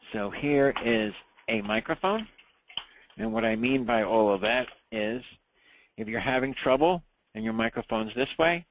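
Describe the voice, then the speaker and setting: A man teaching a ham radio class in a relaxed, chatty way, often checking in with the room. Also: lowish voice, no room sound, rough recording.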